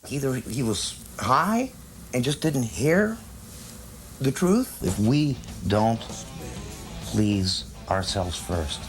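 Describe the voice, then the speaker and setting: A man, a band musician, answering in a candid TV interview, halting and full of fillers and restarts. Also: medium pitch, big pitch swings, soft background music, low-quality recording.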